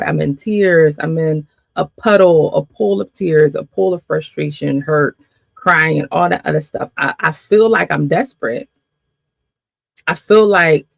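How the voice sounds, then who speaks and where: A woman's voice: medium pitch, gravelly, dry recording. A woman faith coach giving a spirited teaching, repeating phrases for emphasis and laughing often.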